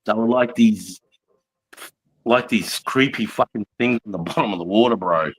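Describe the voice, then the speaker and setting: A man's voice: lowish voice, moderate pace, husky, rough recording. A man in his forties with an Australian accent, an army veteran telling war stories in casual chat, rambling and swearing constantly with plenty of "mate" and "bro". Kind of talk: casual storytelling.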